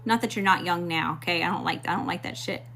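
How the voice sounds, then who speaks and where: A woman's voice: fairly low pitch, fast, creaky, a bit bright, slight background noise. A woman from Mississippi with a Southern accent giving a casual tarot reading to her viewers, talking in a sassy, blunt and profane way. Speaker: tarot reader.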